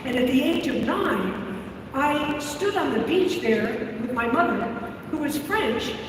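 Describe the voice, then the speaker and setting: A woman's voice: sits high, animated, a little slow. A woman in her seventies from Florida, giving a dramatic storytelling speech on stage at a convention, vivid and theatrical. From Florida, USA. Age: 70s. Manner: theatrical, vivid, acts out voices. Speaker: keynote speaker. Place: large convention hall, on stage. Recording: echoey hall, distant mic, room noise.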